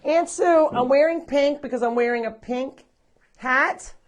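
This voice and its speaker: Wearing a microphone, a high-voiced woman leads a live tour of a farm sanctuary at an unhurried pace, moving indoors and outdoors among the animals. She chats and laughs in casual narration, coaxing the animals and scolding them.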